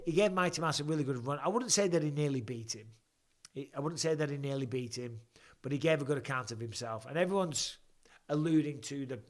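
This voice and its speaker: A middle-aged man, chatting casually with viewers and commentating a fight live, swearing freely. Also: medium pitch. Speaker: host.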